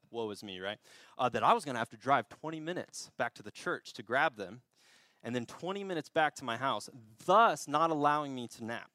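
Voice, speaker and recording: A man's voice: mid-range voice, pushed and bright, no room sound, studio quality. Young male pastor telling a story. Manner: conversational storytelling with laughs and restarts. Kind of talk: sermon. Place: church.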